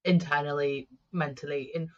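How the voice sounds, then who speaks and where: A woman's voice: low voice, fairly even intonation, moderate pace, muffled recording. A young adult woman guest on a podcast, talking frankly and reflectively about her life as a single mum. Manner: frank, reflective, swears casually. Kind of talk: candid conversational storytelling.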